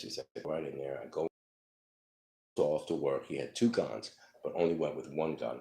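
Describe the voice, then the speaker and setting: A man's voice: extremely low pitch, a little fast, warm tone. A man telling his life story casually, profane and rambling, full of fillers, acting out the people in his stories.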